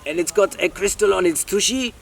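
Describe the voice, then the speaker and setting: A man's voice: sits high, brisk, creaky, background noise. A man with a French accent hosting a children's show, teasing the kids and sprinkling in French words. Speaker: host.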